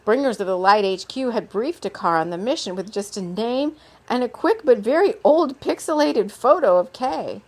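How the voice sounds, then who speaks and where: A woman reading her own story aloud in a relaxed way, stopping now and then for unscripted asides. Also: on the high side, moderate pace. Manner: relaxed, with off-script asides and laughs.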